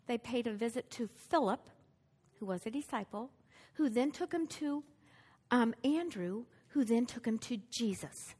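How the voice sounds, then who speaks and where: A woman's voice: fairly high pitch, lively intonation, moderate pace, warm tone. A woman preaching a sermon, telling a story with energy and putting questions to her listeners.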